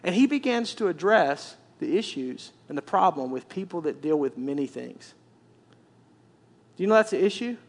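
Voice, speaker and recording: High pitched guy preaching a sermon, really animated, keeps repeating stuff for emphasis. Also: moderate pace. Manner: animated storytelling preacher, repetitive emphatic phrasing. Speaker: pastor.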